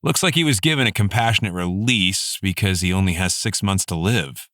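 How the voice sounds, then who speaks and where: A matter-of-fact male bodyguard explaining the facts, in a male narrator's own deep voice. Low, dry and close to the mic. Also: a little fast, a bit bright, dry recording.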